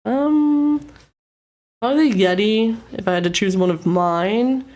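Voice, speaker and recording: A woman co-hosting a casual chat podcast, relaxed and a bit hesitant, laughing easily. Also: fairly high pitch, unhurried. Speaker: podcast co-host.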